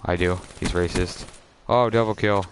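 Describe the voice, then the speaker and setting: A young man streaming a video game and chatting with a friend over a headset, excitable and yelling at the game. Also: low voice, normal speed, noisy background. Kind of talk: gaming live stream chat.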